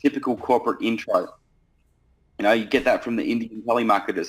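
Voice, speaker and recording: Male sales coach, low voice, blunt and sweary, lively delivery. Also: a little fast, breathy edge, rough recording. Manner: blunt, profane, animated. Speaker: sales trainer. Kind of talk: casual coaching talk.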